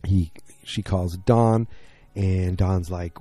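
A man's voice: low voice, takes it slowly, mellow. A tired man recapping a TV episode late at night in a casual, rambling way, full of fillers and restarts.

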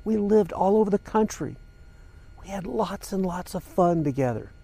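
A man's voice: high-pitched, expressive, normal speed, gravelly, mellow. An older man hosting a podcast, talking earnestly and emotionally straight to his listeners in a personal, reflective monologue. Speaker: podcast host.

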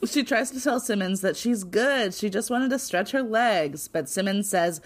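A woman's voice: mid-range voice, lively intonation, normal speed. A young woman co-hosting a podcast, recapping a show episode in casual chat, laughing often and quoting characters playfully. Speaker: podcast co-host.

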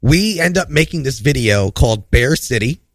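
A man's voice: mid-range voice, animated, normal speed, no room sound. A man, an improv comedian, telling a rambling story in casual chat on a talk show.

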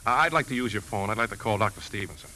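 An actor playing a worried uncle who talks in a hesitant, troubled way. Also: male voice, on the low side, racing, loud music behind the voice, close to an everyday voice, rough recording. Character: worried grown man, family uncle.

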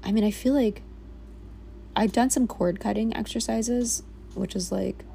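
A woman's voice: mid-range voice, expressive, moderate pace, gravelly, mellow, a little hiss or hum. A woman in her thirties rambling candidly in a reflective casual monologue, swearing freely and saying "like" a lot. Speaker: vlogger. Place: on a boat in a small village.

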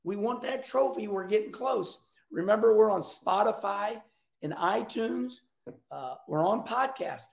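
A middle-aged man hosts a casual racing talk show, animated and folksy with loud outbursts. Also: high voice, unhurried, creaky. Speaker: show host. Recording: echoey room.

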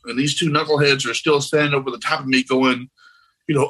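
A man telling a personal near-death story in a casual, animated way, acting out the voices of people in it. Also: medium pitch, fairly quick, husky, low-quality recording. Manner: animated, acts out quoted voices.

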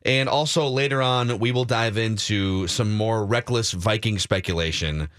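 A man's voice: on the low side, normal speed, fairly bright tone, no room sound. A man co-hosting a sports radio show, chatting casually and reading listener emails and draft picks aloud into a studio microphone.

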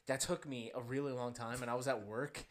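A man's voice: mid-range voice, fairly even intonation, brisk, slight background noise. Young male co-host, jokey and teasing, rambles casually. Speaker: podcast co-host. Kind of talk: casual chat.

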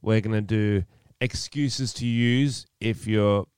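A man's voice: on the low side, fairly even intonation, slow, a little mellow, smooth, dry recording, clean studio sound. A man with an Australian accent co-hosting a casual comedy podcast, joking around. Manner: joking, slips into silly put-on voices. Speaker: podcast co-host.

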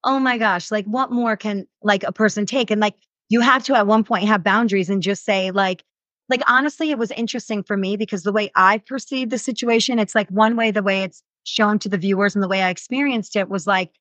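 Animated woman full of "like" fillers. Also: mid-range voice, brisk, dry recording. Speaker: reality show cast member. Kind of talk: casual interview answers. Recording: dull lo-fi sound.

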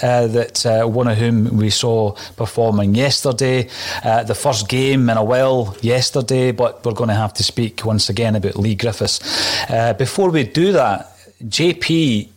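A man hosting a casual football podcast, introducing guests and topics with playful turns of phrase. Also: medium pitch. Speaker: podcast host.

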